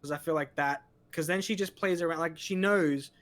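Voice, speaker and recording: A man's voice: a little high, a little fast, fairly bright tone. A man as a guest in a casual chat, loose and filler-heavy, quoting characters as he talks.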